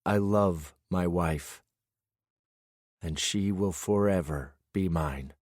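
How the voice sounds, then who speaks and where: A man narrating a first-person romance audiobook in a calm, measured way on a close studio mic. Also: deep voice, no room sound.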